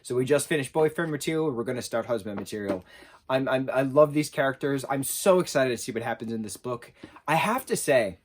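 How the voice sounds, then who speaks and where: A man in his thirties talks through a book review in a loose, conversational way. He is enthusiastic and quick to restart his sentences, with a sarcastic streak in how he speaks. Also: medium pitch. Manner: chatty, excitable, with frequent restarts and fillers. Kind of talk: casual spoken book review.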